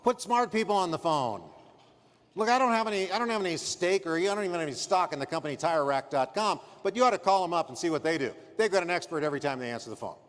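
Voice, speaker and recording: A man's voice: high voice, lively intonation, fast, a bit bright, big-room sound. A man giving a motivational conference keynote in an emphatic, punchy way, acting out customer scenes. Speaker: keynote speaker. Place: conference stage.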